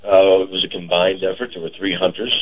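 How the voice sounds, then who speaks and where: A man co-hosting a casual radio show. He talks in a halting, chatty way with many fillers. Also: deep voice, fairly even intonation. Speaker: radio co-host and car dealer. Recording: dull lo-fi radio broadcast.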